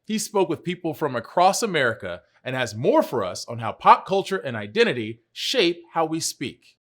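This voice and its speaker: Animated male news host. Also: a little high, moderate pace. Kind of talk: scripted news presenting.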